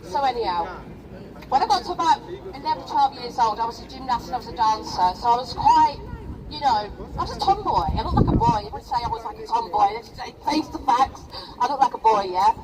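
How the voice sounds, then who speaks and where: A woman's voice: on the high side, lively intonation, fairly quick. A middle-aged woman from England gives an emotional, rallying speech at a protest and keeps asking the crowd "yeah?". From England (Rochdale). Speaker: protest speaker. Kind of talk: impassioned public speech. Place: outdoor street protest. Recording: distant outdoor crowd recording.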